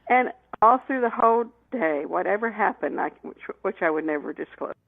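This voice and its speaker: A woman guest telling lively anecdotes in an interview, laughing often and restarting her sentences. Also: mid-range voice, moderate pace, vocal fry, no echo. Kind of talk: storytelling in an interview. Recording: tinny phone line, dry.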